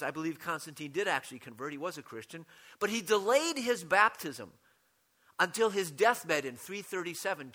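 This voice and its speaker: High, bright-voiced male preacher. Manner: expository preaching with rhetorical questions and restarts. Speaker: pastor. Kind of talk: sermon.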